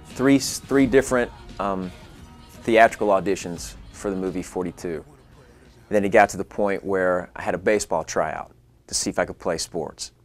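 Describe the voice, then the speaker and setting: A young man, an actor, telling a fast, animated story about himself in a casual way. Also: low voice, faint music behind. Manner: animated, acts out his own lines in a rising voice. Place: California.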